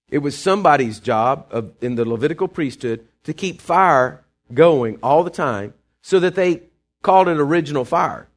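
A pastor with a fairly high pitch gives a sermon in a down-to-earth, chatty manner. Quiet asides to the congregation alternate with bursts of emphasis.

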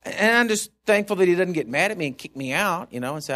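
A man's voice: high voice, lively intonation, quick pace, sharp tone. A male preacher giving a sermon in an emphatic, conversational way.

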